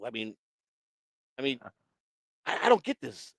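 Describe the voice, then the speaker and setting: A man with a medium-pitched, fairly bright voice tells his own story as a guest, very animated at a normal speed and pausing often, with no echo. His casual talk is blunt and full of swearing, and he acts out other people's lines.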